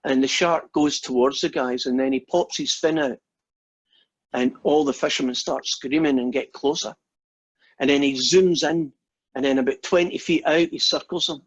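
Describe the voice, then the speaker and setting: A man who teaches math and gives a chatty, joking lecture over a video call, with many fillers and restarts. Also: mid-range voice. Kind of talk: casual online lecture. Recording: dull lo-fi online call audio.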